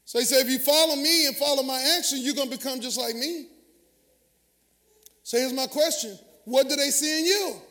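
A pastor from the Southern US preaches in a large sanctuary with a very high, pushed, bright voice at a slightly fast pace. Call-and-response with the congregation runs through the sermon, under long hall reverb.

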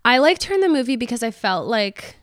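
A woman's voice: fairly high pitch, very animated, fairly quick, no echo, clean studio sound. A woman chatting casually as a podcast guest, giggly and rambling, with lots of "like". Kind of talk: casual chat.

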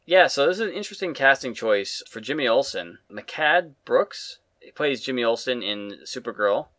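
A man co-hosting a casual talk show who chimes in with relaxed opinions, padded with "you know" and "um". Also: mid-range voice, dry recording. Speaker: podcast co-host. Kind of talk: casual commentary.

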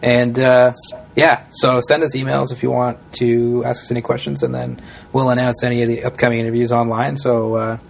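A man's voice: mid-range voice, little pitch movement, a little fast, vocal fry. A man co-hosting a casual podcast, easygoing and loose, with lots of "uh" and "like" and laid-back slang. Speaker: podcast co-host. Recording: faint background noise.

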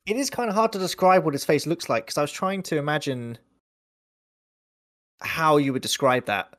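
A man's voice: fairly high pitch, normal speed, no echo, clean studio sound. A man co-hosting a horror podcast, chatting casually and animatedly, often acting out scenes. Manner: animated, rambling, acts out scenes. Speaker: podcast co-host. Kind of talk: casual film-review chat.

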